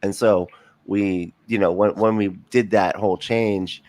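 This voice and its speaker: A man talking casually as a podcast guest, rambling with many fillers and quick laughs. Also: fairly low pitch, steady tone, darkish tone.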